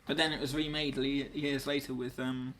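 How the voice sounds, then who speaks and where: A male podcast host chats casually. He needles his guest with deadpan teasing. His questions are dry and unhurried. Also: mid-range voice, a little hiss or hum. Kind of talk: casual comedic chat.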